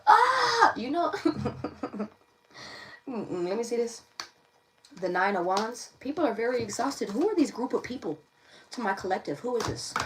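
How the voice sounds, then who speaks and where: Brief: woman tarot reader on a casual livestream, talkative and repetitive, slightly off-mic with faint background noise. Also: medium pitch. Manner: chatty, repeats phrases, laughs often. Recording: voice a bit distant from the mic.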